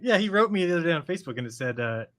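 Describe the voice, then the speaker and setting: A man's voice: fairly high pitch, sing-song, very fast, a bit bright, dry recording. A man co-hosting a casual live stream, joking and teasing.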